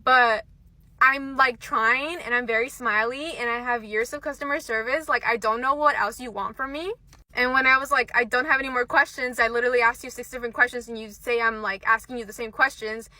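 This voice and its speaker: A young woman tells the story of a bad interview, frustrated and full of "like"s. Her voice is bright and fairly high, and the sound is close and dry. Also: fairly even intonation, brisk, no echo. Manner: frustrated, heavy use of "like". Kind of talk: casual storytime vent.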